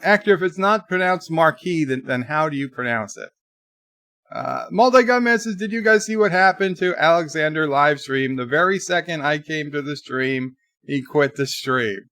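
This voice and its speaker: A man's voice: a little high, moderate pace, fairly bright tone, no echo, studio quality. A man hosting a livestream, reading viewer comments aloud in a chatty, exasperated way. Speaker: livestream host. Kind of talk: casual live chat reading comments.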